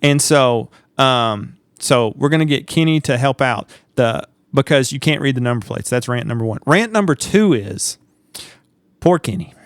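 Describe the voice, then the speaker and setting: Animated storytelling man, smooth voice. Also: mid-range voice, normal speed, no room sound, studio quality. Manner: animated storyteller, acts out shouts and quotes. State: sleep deprived. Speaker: podcast co-host. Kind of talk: casual chat.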